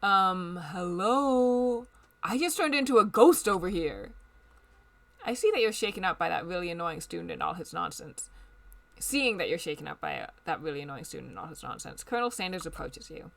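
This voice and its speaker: A woman streamer in casual gaming commentary, reading game text aloud, joking and reacting loudly and playfully. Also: fairly low pitch, animated, brisk, creaky.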